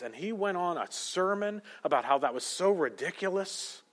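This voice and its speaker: Male pastor, slightly high voice, dramatic loud-to-hushed sermon delivery, long hall reverb. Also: animated, moderate pace, few pauses. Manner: swings from loud proclaiming to hushed intensity.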